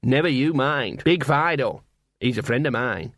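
A man's voice: medium pitch, animated, a little slow, fairly bright tone, no echo. A man voicing a scruffy, smug, streetwise male mongrel dog with cocky slang, read in a dry, close audiobook recording.

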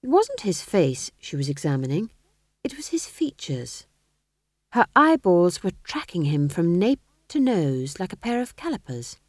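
A woman reading a novel aloud as narrator, with an expressive, wry storytelling manner. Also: fairly low pitch, measured pace, dry recording, studio quality. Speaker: audiobook narrator. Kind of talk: scripted narration.

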